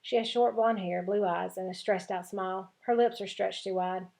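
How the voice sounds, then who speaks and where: A woman's voice: medium pitch, fairly even intonation, moderate pace, gravelly, darkish tone. A woman teacher reading a chapter book aloud to her class, voicing the dialogue expressively.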